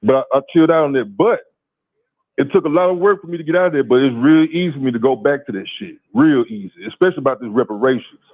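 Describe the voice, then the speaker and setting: A man from calls in and tells a story in a profane, animated way, often repeating words as he stammers. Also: medium pitch, quick pace. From Louisiana, USA. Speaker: caller. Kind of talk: casual call-in storytelling. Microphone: phone call. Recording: tinny phone line.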